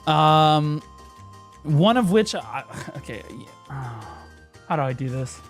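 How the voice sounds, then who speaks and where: A man streaming in a casual chat, rambling and excitable, stumbling over restarts and breaking into shouting bursts. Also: fairly high pitch, slow, music in the background. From United States.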